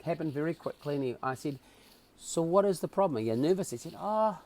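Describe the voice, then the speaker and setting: A man whose voice is a little high and fairly quick tells a story as a podcast guest, speaking with a New Zealand accent. It's animated storytelling, and he acts out the dialogue with lively swings in voice.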